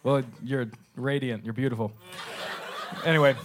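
A man's voice: medium pitch, steady tone, normal speed, noisy background. A man doing stand-up crowd work on a club stage, teasing the audience in a wry, self-deprecating way. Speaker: stand-up comedian.

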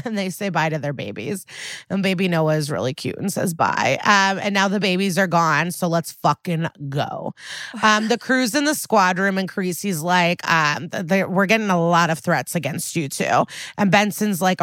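A woman's voice: fairly low pitch, moderate pace, a bit bright, no echo, studio quality. Chatty sarcastic woman podcast host. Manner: chatty, sarcastic, swears freely. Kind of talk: casual episode recap.

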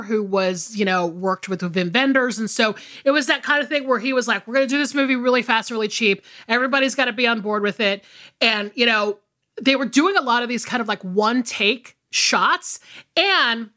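A woman's voice: on the high side, pushed and bright. A woman co-hosting a movie podcast, chatting casually and rambling with lots of fillers. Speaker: podcast co-host.

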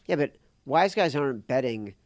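Sarcastic podcast guy, teasing his cohost, dry deadpan delivery, no room sound. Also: medium pitch, moderate pace, dry recording. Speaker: podcast co-host. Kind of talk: casual betting podcast chat.

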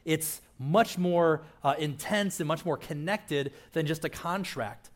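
A man's voice: on the high side, a little slow. A man pastor giving a conversational sermon, with casual asides and frequent "right?" checks to the listeners.

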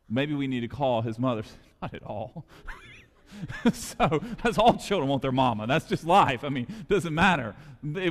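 A man preaching a sermon as pastor, moving from storytelling into fervent preaching. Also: mid-range voice. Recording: long hall reverb.

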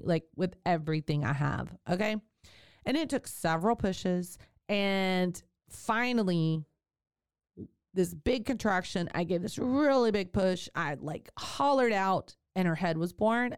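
Smooth, crisp woman telling a story. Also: medium pitch, no echo, clean studio sound. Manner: animated, candid, laughs often. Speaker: podcast host. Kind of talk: personal storytelling.

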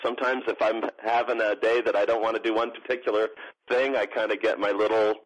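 Male guest, low-ish register, rambly and loose, lots of fillers, radio interview feel. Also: flat delivery, fast, muffled recording. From grew up partly in Morocco. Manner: rambling, many restarts and fillers, chuckling. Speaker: guest, parkour organization co-founder. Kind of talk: casual interview chat.

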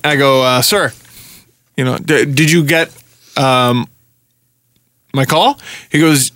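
Animated, swearing man telling a story. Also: mid-range voice, slow, long pauses, no room sound. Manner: animated, profane, acts out his own ranting. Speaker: podcast host. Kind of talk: casual storytelling chat.

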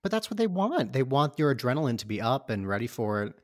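Male host from Michigan, chatty and upbeat, mid pitch, dry close mic. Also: sing-song, fast, no room sound. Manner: upbeat, enthusiastic interviewer. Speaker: podcast host. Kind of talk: casual interview chat.

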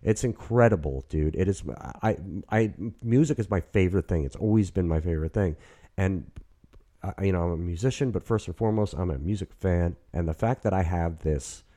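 Brief: fifties male host, deep mellow voice, rambly and excited. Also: fairly quick. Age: 50s. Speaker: podcast host. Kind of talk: casual chat. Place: apartment.

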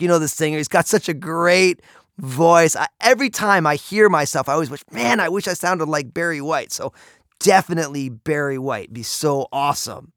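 An upbeat, enthusiastic man talks about his own audiobook, sounding like a pastor and author. His voice sits a little higher than most men's and comes through dry and close with no room sound. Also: a bit bright, no echo.

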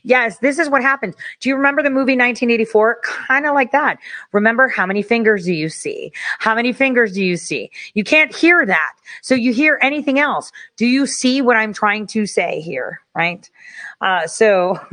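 A woman vlogger giving casual, animated commentary, often laughing and incredulous. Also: on the high side, normal speed.

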